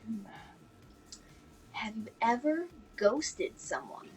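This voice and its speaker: A woman's voice: on the high side, sing-song, slow, a little hiss or hum, poor audio. A woman hosting a talk show, asking playful questions and often exclaiming in surprise. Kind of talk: casual interview.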